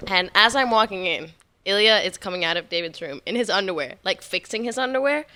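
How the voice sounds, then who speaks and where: A woman's voice: mid-range voice, expressive, fairly quick, sharp tone, no room sound. A woman telling a story in casual podcast chat, chatty and giggly.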